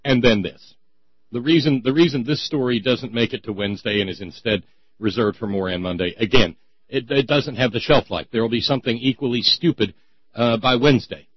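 A man's voice: medium pitch, brisk, breathy edge, no echo, dull audio. A man hosting a satirical comedy monologue, sarcastic and mocking, with stumbling restarts. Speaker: host.

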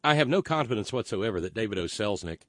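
A man's voice: fairly low pitch, expressive, fast talker, no echo, clean studio sound. A man hosting a casual monologue, opinionated and rambling, with stammering restarts as he reacts to chat messages. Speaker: live stream host reading chat.

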